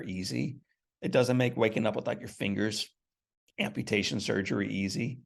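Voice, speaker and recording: A man's voice: on the low side, vocal fry. An earnest middle-aged man telling an emphatic personal story as a guest in an interview.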